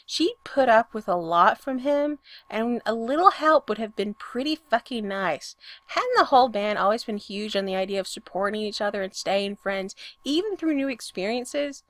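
A woman reading fiction aloud in an expressive, plain-spoken way. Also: a little high, normal speed, few pauses, no echo. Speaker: story reader.

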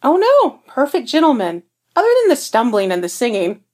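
A woman's voice: a little high, wildly swooping pitch, moderate pace, darkish tone, voice pushed up. A woman doing a sassy, teasing young woman. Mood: playful teasing. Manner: teasing, flippant, bubbly. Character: young woman, sassy and playful office worker. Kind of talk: fan fiction audiobook reading.

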